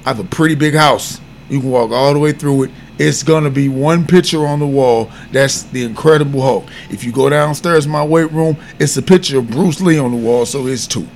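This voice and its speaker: A man's voice: medium pitch, brisk, gravelly, hardly any pauses, a little hiss or hum. A man hosting a podcast, talking earnestly and from the heart. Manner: earnest and heartfelt, speaking openly. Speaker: podcast host. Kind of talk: podcast commentary.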